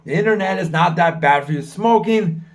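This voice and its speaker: Forty-something american guy from the us rambling to his camera, swears a lot, kinda high voice. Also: normal speed. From United States. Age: 40s. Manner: rambling, frank, swears freely. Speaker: travel vlogger. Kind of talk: casual talking-to-camera vlog. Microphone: camera mic, filming himself.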